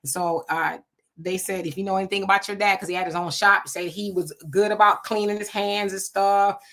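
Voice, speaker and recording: A woman hosting a casual livestream, reading out viewer comments and telling animated stories. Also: medium pitch, fairly quick, creaky. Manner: animated storytelling with frequent laughs. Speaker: livestream host.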